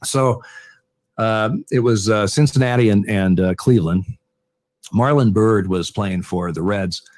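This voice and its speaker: Older male guest, retired umpire, halting storyteller, low voice, dry close sound. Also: a little mellow, dry recording. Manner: halting, repeats words, chuckles often. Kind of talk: conversational interview storytelling.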